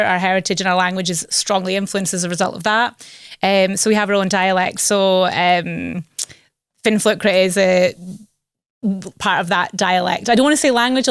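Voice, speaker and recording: A woman's voice: mid-range voice, steady tone, normal speed, smooth, no echo. Shetland-accented woman, wedding planner, casual podcast chat, lots of ums, dead dry mic. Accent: Shetland Scottish. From Shetland, Scotland. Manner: chatty, laughs often, many fillers.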